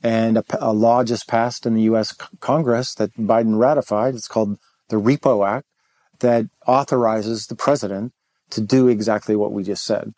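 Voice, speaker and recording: A man's voice: medium pitch, darkish tone, no room sound. A middle-aged American man answering interview questions thoughtfully, with frequent restarts and fillers. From United States. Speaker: interview guest, former ambassador.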